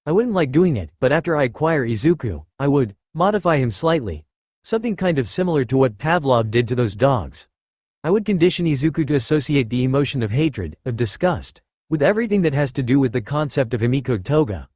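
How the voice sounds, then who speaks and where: A cold, manipulative villain mastermind, as a male narrator puts him on, speaking slowly and smoothly with a lively, rising and falling pitch. The audiobook voice is close and dry, with no room sound. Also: no echo. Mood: coldly threatening. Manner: smooth, slow and threatening. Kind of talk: audiobook character voice.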